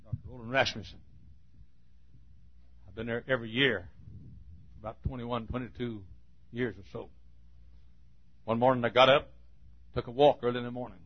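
A man preaching a sermon, telling a folksy story and building to emphatic, forceful points. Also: medium pitch, fairly even intonation, normal speed, pauses often, muffled recording.

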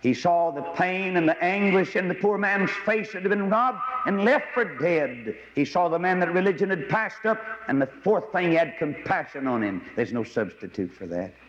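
Male preacher, folksy storyteller with excitable high bursts; lo-fi recording in a reverberant hall. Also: normal speed, hardly any pauses, a little hiss or hum. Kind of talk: sermon. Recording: dull lo-fi audio with long hall reverb.

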